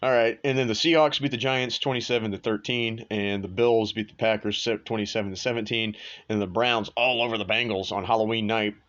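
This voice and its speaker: A man with a lowish voice runs a casual sports show, blunt and quick to swear, tossing off offhand asides as he goes. The sound is a little dull and lo-fi. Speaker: sports podcast host. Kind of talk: casual sports and betting talk.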